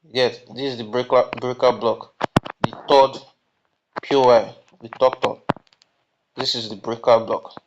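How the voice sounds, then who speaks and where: A man's voice: mid-range voice, fairly even intonation, measured pace, long pauses. A man teaching a trading lesson, often asking "you get?" and answering his own questions. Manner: repeats "you get?" to check understanding; asks questions and answers them himself. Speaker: trading instructor. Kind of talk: screen-recorded lesson. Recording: muffled lo-fi mic with background noise.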